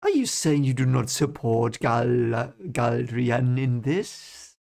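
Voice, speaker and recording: A man voicing a scheming, contemptuous nobleman, drawing out each word slowly with a sneer. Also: mid-range voice, expressive, creaky, a little mellow. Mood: sly. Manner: slow, drawn-out, sneering delivery. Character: scheming contemptuous male nobleman, a sly count.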